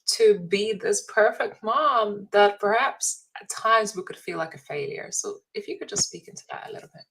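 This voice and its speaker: A woman's voice: medium pitch, normal speed, vocal fry, fairly bright tone, rough recording. A woman hosting a conversation, speaking in a mid-range voice. She reflects thoughtfully on each topic before steering toward a question for her guest. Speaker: interview host. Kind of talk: interview conversation.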